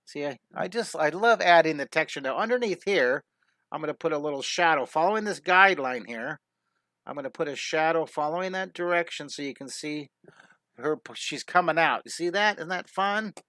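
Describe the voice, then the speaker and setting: A man's voice: a little high, expressive, fairly quick, bright, forceful tone, no echo, studio quality. A man hosting a live online drawing lesson, chatty and upbeat, talking through each step as he draws and often restarting his sentences. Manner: frequent restarts and self-corrections. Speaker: drawing teacher and show host.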